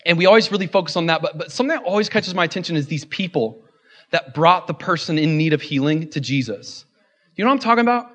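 A high-voiced male pastor preaches a sermon in a church. He slips in playful, joking asides and then climbs into fervent, repeated refrains. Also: a bit bright.

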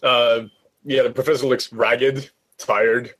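Husky-voiced hesitant male player. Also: medium pitch, little pitch movement, takes it slowly, a bit bright. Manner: rambling, hesitant, lots of "like". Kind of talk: casual chat.

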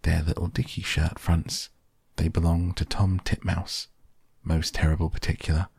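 A man's voice: sits low, little pitch movement, moderate pace, creaky, darkish tone, slightly rough, no echo, clean studio sound, full character voice. A man voicing a small, stout hedgehog washerwoman who answers with anxious, bobbing politeness. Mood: fussing politely. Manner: bobbing polite, "if you please, 'm".

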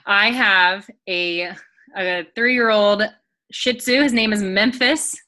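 Bright, enthusiastic young woman guest. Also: mid-range voice, slow. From United States. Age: 20s. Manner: enthusiastic and friendly. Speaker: guest, dieting coach. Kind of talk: casual podcast interview.

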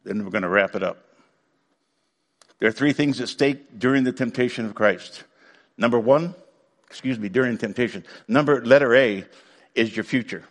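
A man preaching a sermon to his congregation in a conversational way, breaking now and then into loud outbursts. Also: mid-range voice, normal speed, pauses often, in a large hall. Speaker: pastor.

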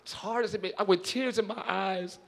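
A man preaching a sermon in church as pastor, acting out everyday scenes and shouting his points to the congregation. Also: high voice, steady tone, moderate pace, creaky.

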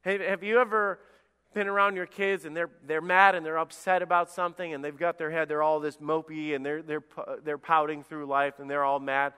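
Pastor, male, preaching with a high, clear voice; long church-hall reverb. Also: fairly quick. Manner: animated preaching, acting out voices of David and God. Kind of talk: sermon.

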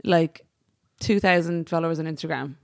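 A young adult woman with an Irish accent, co-hosting a podcast in animated, laughing casual chat. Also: sits low, moderate pace, gravelly, no room sound, studio quality. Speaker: podcast co-host.

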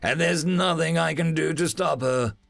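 Storybook role: a cold soldier making slow, calm threats in a gravelly voice, read by a male narrator. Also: fairly high pitch, no room sound, voice pushed up. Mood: menacing. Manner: slow, flat menace.

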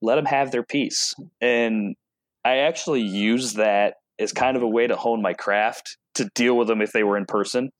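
A man's voice: mid-range voice, steady tone, moderate pace, dry recording. A man telling stories in a casual interview, acting out quotes from people he talks about. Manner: chatty storyteller, acts out quotes. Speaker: automotive product rep and guest.

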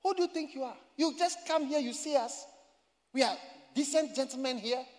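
A man voicing an indignant, proud man who scolds a stranger, shouting and repeating himself. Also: extremely high pitch, moderate pace, pitched above the performer's own voice. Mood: angry. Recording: echoey hall reverb.

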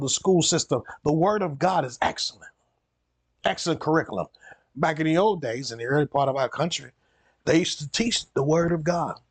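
A man's voice: fairly high pitch, husky, no echo. A male pastor delivering a sermon in an emphatic, repetitive preaching manner.

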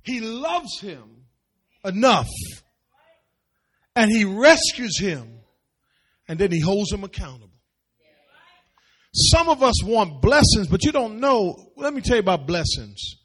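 A male pastor preaching with a high, swooping voice that jumps all over his range. He repeats his phrases and works up to shouting at his congregation during a church service. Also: very animated, slow pace, long pauses, breathy edge. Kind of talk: sermon.

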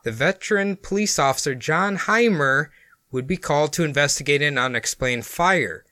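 Bright-voiced man reading notes on a podcast. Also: on the high side, moderate pace, no echo. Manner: reads from notes, often chuckling mid-sentence. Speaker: podcast co-host presenting the topic. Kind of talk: casual chat mixed with reading notes aloud.

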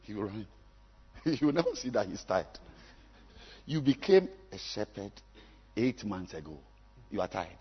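A man, preaching a sermon as a pastor, swinging from low musing to loud exhortation. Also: sing-song, a little slow, long pauses, slightly rough, highs cut off. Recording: long hall reverb.

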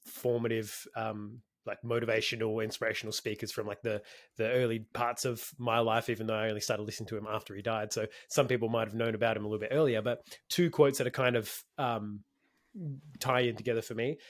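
Laid-back podcast co-host. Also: male voice, on the low side, brisk. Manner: relaxed and conversational, with filler words and swearing. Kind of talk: casual podcast chat.

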